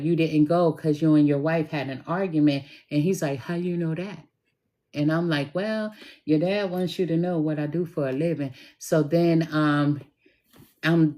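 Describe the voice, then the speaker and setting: A middle-aged woman who reads tarot tells stories in a chatty, casual monologue, full of fillers and retold dialogue. Her voice is low-pitched and mellow.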